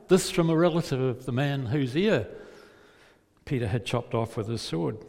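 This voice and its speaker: A man's voice: medium pitch, animated, normal speed, gravelly, a little mellow. A male preacher telling a gospel story vividly and putting rhetorical questions to his listeners. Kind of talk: sermon storytelling. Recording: long hall reverb.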